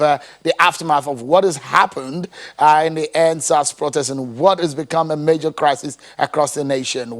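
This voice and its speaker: A man anchoring a live TV politics programme, speaking in a measured way with frequent fillers. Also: on the high side. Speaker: news anchor. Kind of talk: live TV news presenting.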